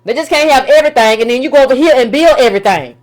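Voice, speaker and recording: A high-pitched woman delivering a political commentary rant. She talks in an emphatic, colloquial way, circling back on her words and firing off rhetorical questions. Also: lively intonation, very fast.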